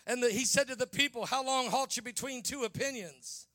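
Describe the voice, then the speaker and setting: A man preaching a sermon in a fiery revival style, shouting and drawing out his lines. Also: very high-pitched, fairly quick, no echo.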